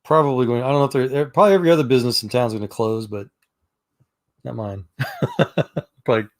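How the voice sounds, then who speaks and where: Fast and wildly swooping in pitch around a medium center, this middle-aged man from Texas chats casually in a chat room. His stories wander, packed with fillers and false starts.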